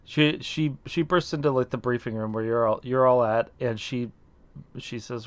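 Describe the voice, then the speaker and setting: A man narrating as game master of a tabletop game, hesitant and full of pauses and restarts. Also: mid-range voice, steady tone, clear, resonant tone, dry recording.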